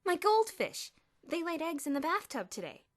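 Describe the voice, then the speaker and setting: A woman voicing a high-strung nerdy teenage boy who collects insects, shrieking and wailing. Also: sing-song, normal speed.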